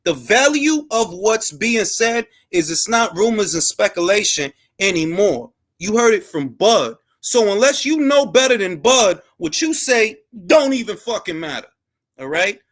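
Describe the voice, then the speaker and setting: Male boxing commentator with a high voice, heated, profane and repetitive. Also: fairly bright tone. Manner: emphatic, profane, repetitive ranting. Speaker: boxing content creator and host.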